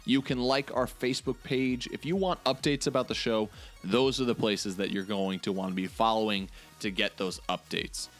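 A man's voice: fairly low pitch, fairly even intonation, normal speed, faint music behind. A man co-hosting a tabletop gaming podcast in casual chat, explaining things with enthusiasm. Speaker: podcast co-host.

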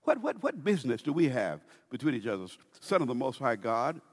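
A man voicing a frightened male demon begging for mercy, quoted in a sermon with a pleading, slowed delivery. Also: mid-range voice, sing-song. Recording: long reverb of a large hall.

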